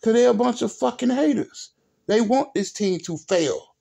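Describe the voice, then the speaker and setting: A man's voice: very high-pitched, expressive, normal speed, vocal fry, warm tone, slightly rough. A man hosting a sports vlog, ranting in an exasperated, repetitive, profane way with speech. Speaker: sports video host.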